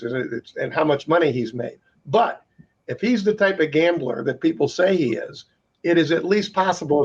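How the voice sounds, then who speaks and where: A plainspoken male panel guest who thinks aloud and hedges his opinions. His voice sits a touch higher than most men's. The audio sounds slightly dull. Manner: speculative, plainspoken. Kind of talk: panel discussion.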